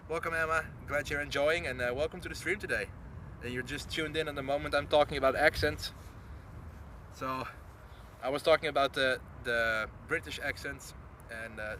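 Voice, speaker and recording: A Dutch man with a mid-range voice hosts a live plane-spotting stream from outside an airport. He chats easily, reads viewer messages aloud and lights up when planes come in. Traffic and city noise are clearly heard behind him. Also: mid-range voice, low-quality recording. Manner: chatty, reads out chat messages, excited at landings. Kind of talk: live stream commentary and chat reading. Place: outdoors at an airport in drizzle. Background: clear outdoor traffic and urban noise.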